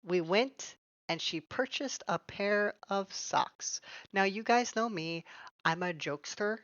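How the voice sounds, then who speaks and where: A woman's voice: mid-range voice, slow pace, fairly bright tone, no room sound, highs cut off. A young woman telling a storytime vlog in a sarcastic, exasperated, profane way. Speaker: storytime streamer.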